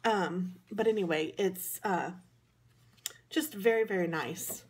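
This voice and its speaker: Her voice sits on the low side: slow, husky, and a bit dark. She's a craft vlogger from the American Midwest with the region's accent, casually chatting her way through a hotel-room card-making tutorial, rambling and joking at her own expense.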